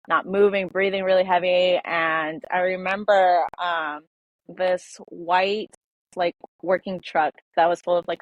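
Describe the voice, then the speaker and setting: Brief: young woman, lowish voice, hesitant personal storytelling, dry dull lo-fi audio. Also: dry recording. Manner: halting, filler-heavy, emotional retelling. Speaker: podcast guest.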